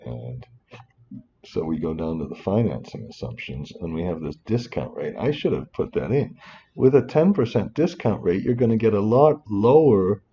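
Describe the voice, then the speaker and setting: A man's voice: deep voice, expressive, normal speed, mellow, lo-fi sound, a little hiss or hum. A man teaching finance over a spreadsheet in a rambling way, breaking off into muttered asides and apologies. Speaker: finance instructor. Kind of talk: screen-recorded spreadsheet tutorial.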